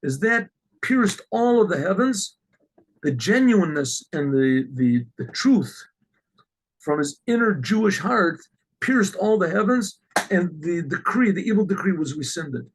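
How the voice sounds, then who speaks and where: A man, a rabbi, telling a religious story in an animated way, often clearing his throat. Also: high voice, measured pace, poor audio.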